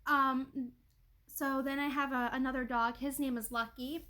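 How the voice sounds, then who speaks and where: Woman, high voice, casual livestream host at home, rambly filler-heavy chat. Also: fairly even intonation, normal speed, bright, forceful tone. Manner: rambling, chatty, lots of likes and ums; greets chat viewers by name.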